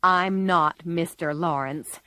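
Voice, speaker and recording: A woman's voice: fairly low pitch, slow pace, sharp tone, dry recording. A woman voicing a shy, polite teenage boy in a storybook reading.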